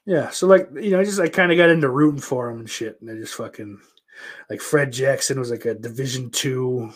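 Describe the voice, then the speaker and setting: A man's voice: mid-range voice, fairly quick. Rambling, profane American man. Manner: rambling, profane, self-interrupting. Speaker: streamer. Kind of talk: casual chat answering viewer questions.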